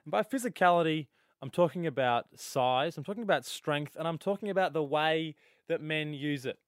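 A man's voice: fairly high pitch, brisk, dry recording, clean studio sound. A man co-hosting live radio, talking earnestly and with energy, often laughing. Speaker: radio co-host. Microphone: studio mic.

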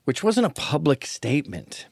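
A man's voice: on the high side, huge pitch swings, moderate pace, vocal fry, a little mellow, breathy edge, dry recording. A man hosting a podcast, talking alone in a sarcastic, crude, rambling way. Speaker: podcast host. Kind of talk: casual podcast monologue.

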